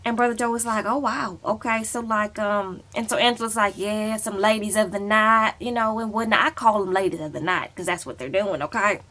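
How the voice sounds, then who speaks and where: Casual recap vlogger, woman, bright voice, chatty and sassy. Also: mid-range voice, a little fast, few pauses. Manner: chatty, dramatic retelling with sassy asides.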